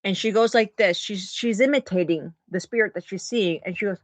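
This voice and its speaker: A middle-aged woman vlogging, telling a personal story in an emotional, animated way to camera. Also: medium pitch, brisk, hardly any pauses, dry recording. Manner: emotional, animated, talks to her dogs mid-story.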